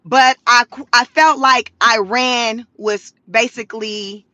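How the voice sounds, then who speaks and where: A woman's voice: fairly high pitch, steady tone, slow pace, bright, forceful tone, no echo, low-quality recording. A woman giving casual, slangy commentary from her car, with laughing asides. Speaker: vlogger.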